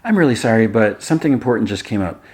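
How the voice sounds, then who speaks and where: A man voicing a brisk, bossy young woman who coaches her friend. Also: lowish voice, expressive, pitched above the performer's own voice, lightly acted. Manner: brisk, coaching, a bit exasperated.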